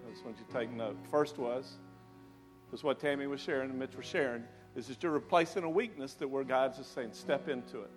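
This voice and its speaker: A man's voice: medium pitch, brisk. A man, a pastor, earnestly sums up the calls at the end of a sermon. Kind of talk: sermon wrap-up. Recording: soft guitar playing behind.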